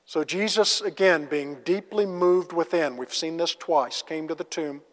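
A man's voice: on the high side, unhurried. A man teaching a conversational Bible lesson, casual and asking the class rhetorical questions. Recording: long reverb of a large hall.

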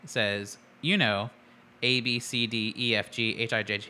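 A man's voice: mid-range voice, fairly even intonation, normal speed, sharp tone. A man co-hosting a podcast in casual chat, playful and laughing often. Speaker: podcast co-host.

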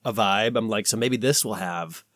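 A man's voice: on the low side, normal speed, no room sound, clean studio sound. A man co-hosting a podcast, talking casually and animatedly with lots of fillers. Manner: rambling, filler-heavy, animated. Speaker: podcast co-host. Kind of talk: casual conversation.

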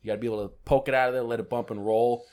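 Man, podcast co-host, casual chat, animated storytelling, swears a lot, mid-pitched voice. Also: very fast.

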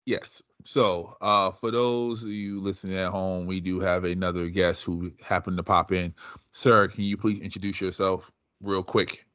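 Male podcast host, casual, animated, teasing. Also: sits low, normal speed, dry recording.

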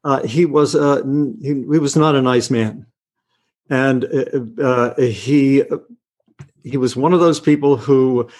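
An older man leans into a long anecdote as an interview guest, his voice sitting in an ordinary middle range. He hesitates often, restarting phrases and filling gaps with uhs. He pokes gentle fun at himself as he goes. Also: medium pitch, steady tone, takes it slowly. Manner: hesitant, full of uh and restarts, self-mocking. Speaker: guest actor. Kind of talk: relaxed anecdotal storytelling.

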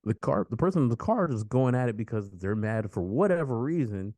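A man's voice: medium pitch, animated, fairly quick, dark tone, no echo. A man hosting a podcast, telling a story in casual chat, rambling with restarts and swearing. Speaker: podcast host.

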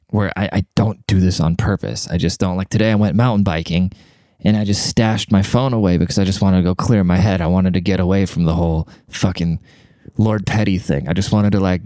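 A man in his thirties talking quietly in a rambling, profane casual monologue, keeping his voice down to a near whisper. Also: low-pitched, no echo. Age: 30s. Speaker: vlogger.

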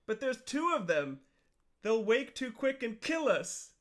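Man reading a timid pleading creature, plain voice, slow, lively pitch. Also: exaggerated voice. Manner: plain and unacted.

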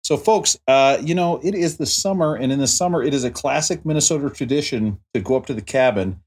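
A man's voice: medium pitch, a little fast, a little mellow, slightly rough. A man hosting a casual music podcast, joking and bantering with his guests. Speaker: podcast host.

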